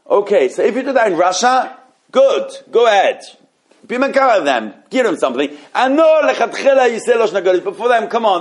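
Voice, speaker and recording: Higher-voiced man teaching Torah. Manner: animated, halting with many restarts. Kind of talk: informal Torah class.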